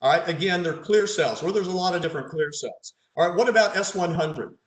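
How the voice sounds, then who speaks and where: A man's voice: sits high, expressive, brisk. Roomy-sounding male pathologist quizzing his audience. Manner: quizzes the audience, dry sarcastic asides. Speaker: pathologist leading a case conference. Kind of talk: online teaching lecture over slides. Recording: roomy echo.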